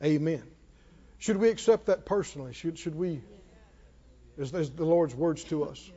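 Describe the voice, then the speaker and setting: Man, sermon, high-pitched voice, emphatic repetition, long church-hall reverb, dull lo-fi recording. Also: expressive, normal speed, warm tone, slightly rough. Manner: repeats phrases for emphasis, calls for congregation responses. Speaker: preacher.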